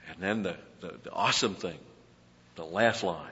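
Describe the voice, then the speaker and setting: A middle-aged pastor with a low, deep voice preaches in an earnest, emphatic way and often stumbles into repeated words. The sound is dull and lo-fi, with a long reverb trailing behind him as if in a large church hall. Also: male voice, normal speed, pushed and bright. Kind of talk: sermon.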